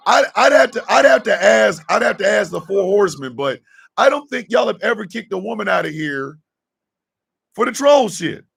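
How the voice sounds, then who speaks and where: Gravelly, husky man scolding in mock outrage. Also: high-pitched, very animated, moderate pace, a bit bright. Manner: mock-indignant, scolding with repeated "sir". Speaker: live stream host. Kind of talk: casual live stream rant.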